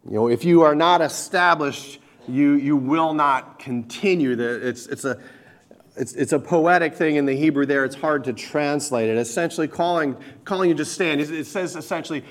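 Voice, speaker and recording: A man preaching a sermon, earnestly explaining scripture and slowing down and growing louder when he quotes it. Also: a little high.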